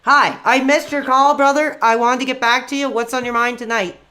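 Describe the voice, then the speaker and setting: A man hosting a live call-in stream in a rambling, quick-tempered, often exasperated way. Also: very high voice, steady tone, pushed and bright, soft background music.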